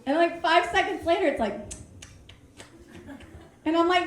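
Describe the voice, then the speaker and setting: Bubbly high-voiced woman doing stand-up. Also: a little slow, long pauses, reverberant. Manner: bubbly, excitable, self-mocking. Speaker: comedy show host. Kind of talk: live stand-up comedy. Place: comedy club stage.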